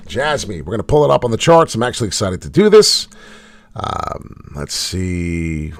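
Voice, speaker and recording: A man hosting a casual livestream, commenting on charts in a blunt, swearing way, with loud bursts of hype and low mutters. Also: vocal fry, no echo. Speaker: crypto chart host.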